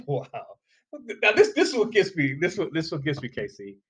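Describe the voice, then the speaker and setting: A man hosting a casual talk show, emphatic and animated as he makes his points. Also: fairly high pitch, moderate pace. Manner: animated and emphatic, rising when fired up. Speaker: podcast host.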